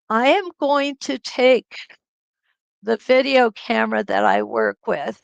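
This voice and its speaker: Her voice fairly high with noticeable vocal fry, a middle-aged woman hosts a live quilting stream, chatting casually, laughing, and welcoming viewers by name. She uses a computer webcam mic, and the audio is dry and poor.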